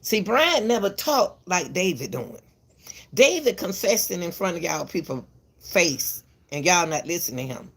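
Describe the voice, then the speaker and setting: A woman's voice: fairly low pitch, big pitch swings, unhurried, husky. A woman giving casual commentary to the camera, emphatic and repetitive, lecturing parents and calling viewers "baby", often stumbling and restarting her words. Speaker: commentary channel host.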